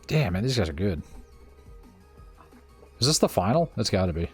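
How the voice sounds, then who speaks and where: A man's voice: fairly low pitch, very animated, moderate pace, breathy edge, faint music behind. A man streaming a game, telling stories in a loose, profane, laid-back way and laughing often. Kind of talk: casual storytelling while gaming.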